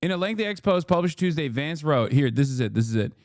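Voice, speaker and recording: A man in his thirties reacting live on stream, his voice a touch higher than most men's. He talks in a profane, heated, mocking way, with sudden laughs and sarcastic impressions. The sound is close and dry with no room around it. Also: animated, quick pace, a little mellow, dry recording. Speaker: livestream commentator. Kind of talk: reacting to clips and articles on stream.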